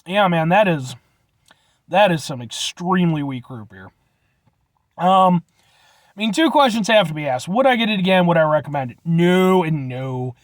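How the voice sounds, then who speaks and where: A man's voice: on the high side, expressive, normal speed, no room sound. A young man from Illinois giving a casual, blunt review with rambling restarts and casual swearing. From Illinois, USA. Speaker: vlogger reviewing root beer.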